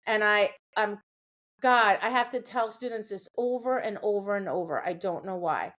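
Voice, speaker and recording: On a casual podcast she co-hosts, a woman dog trainer chats her way through training explanations, frequently adding "right?". She speaks at normal speed, with a medium-pitched, slightly bright voice.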